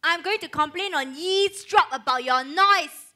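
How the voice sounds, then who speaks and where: A woman acting in an amateur comedy skit, shrill and dramatic. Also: normal speed, sharp tone. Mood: annoyed. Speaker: student actor in a comedy skit.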